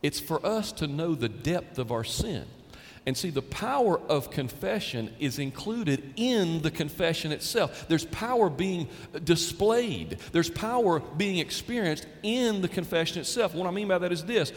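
A man preaches to his congregation in a loose, talking style, often slipping into acted-out quotes. His voice sits a little high and swings widely in pitch. The sound carries the long reverb of a church hall. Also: expressive, a little slow. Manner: conversational preaching, acts out quoted dialogue, repeats words when building a point. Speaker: pastor. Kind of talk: sermon.

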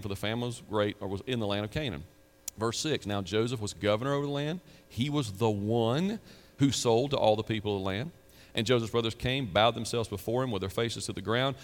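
A man's voice: mid-range voice, big-room sound. A middle-aged man, a pastor, preaching a sermon in a conversational way, asking the listeners questions and breaking off into asides.

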